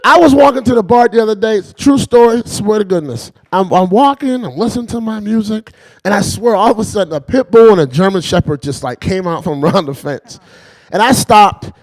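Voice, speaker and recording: A man's voice: high voice, expressive, brisk, no room sound. A man doing a rambling stand-up routine, chuckling between lines and repeating "you know what I mean". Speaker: stand-up comedian.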